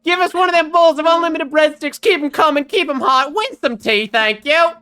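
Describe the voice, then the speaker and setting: A woman's voice: low voice, big pitch swings, brisk, pushed and bright, exaggerated voice. A woman voicing a folksy, motherly diner owner who drawls and calls everyone sweetie and hon. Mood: hollering.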